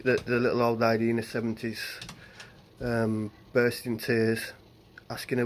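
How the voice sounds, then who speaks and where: A man's voice: mid-range voice, completely flat delivery, normal speed, a little hiss or hum. Brief: man, home phone rant, angry and coarse, mid-range voice. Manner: angry, swearing, blunt. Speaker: husband venting on camera.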